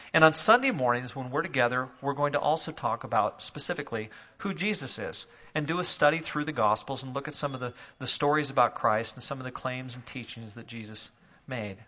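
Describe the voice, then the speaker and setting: A man preaching a sermon to a church congregation, moving from calm explanation to loud, emphatic declarations. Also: medium pitch, highs cut off. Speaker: pastor. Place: church sanctuary.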